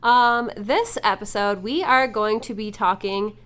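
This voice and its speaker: A woman's voice: mid-range voice, a little slow, fairly bright tone, clean tone. A woman hosting a podcast in a recording studio, chatting casually and laughing often as she tells stories. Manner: giggly, chatty storyteller. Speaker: podcast host. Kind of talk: casual chat.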